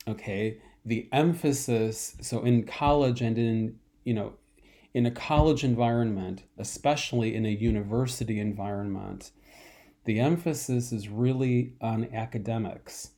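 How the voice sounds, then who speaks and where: Slow, gravelly man teaching a class. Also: fairly low pitch, steady tone, warm tone. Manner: slow, repetitive, frequently clears throat and coughs. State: dry throat, coughing. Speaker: college math instructor. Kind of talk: recorded online lecture.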